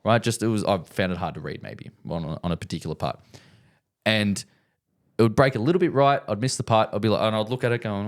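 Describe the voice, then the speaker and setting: Give me a rambling man with a lowish voice, chatting casually as a podcast co-host. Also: fast. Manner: rambling, repeats himself, laughs often. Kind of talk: casual chat.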